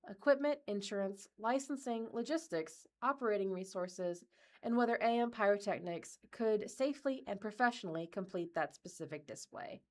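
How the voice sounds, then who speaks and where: A woman reading local news articles aloud for a radio reading service, in a steady, even delivery. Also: medium pitch. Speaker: volunteer news reader.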